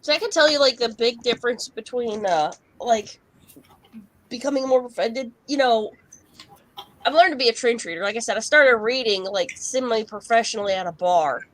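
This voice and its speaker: A woman's voice: on the high side, moderate pace, poor audio. A woman psychic talks through a tarot spread in a frank, chatty way, dropping casual swear words as she explains. Her voice sits a bit above the usual range for women. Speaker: professional psychic guest. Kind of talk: casual tarot-reading chat.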